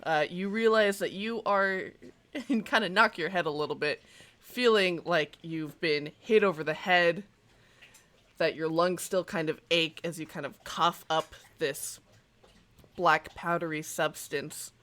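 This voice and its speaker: A game master narrates a tabletop scene slowly and deliberately, in a bright, sharp-edged voice at a middle pitch. The descriptions are loose and hedged with fillers. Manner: slow, scene-setting narration with hedging fillers.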